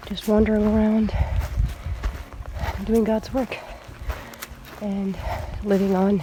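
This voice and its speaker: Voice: mid-range voice, level tone, slow pace, background noise. A vlogger with a nasal, congested voice, out of breath and rambling casually while hiking outdoors on a mountain trail. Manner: meandering, easygoing, many fillers. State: congested from illness. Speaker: traveling vlogger.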